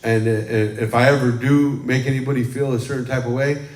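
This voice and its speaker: In an echoey, livestreamed church sanctuary, a male pastor with a mid-pitched voice delivers a brisk, relaxed, rambling sermon to his congregation. He tells stories in a chatty, warm way, with frequent "um" and "amen."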